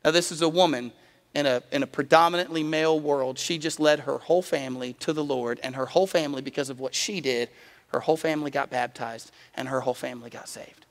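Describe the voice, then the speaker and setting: A man's voice: mid-range voice, fairly even intonation, fast, in a large hall. A man preaching a sermon as a pastor, telling a personal story and building to emphatic appeals. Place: church sanctuary.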